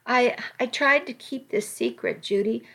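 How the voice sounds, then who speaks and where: A woman's voice: on the high side, expressive, vocal fry, pushed and bright, heavily acted. A woman voicing a frightened teenage girl who sobs and stammers her words. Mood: tearful. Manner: sobbing, halting, stammering pleas.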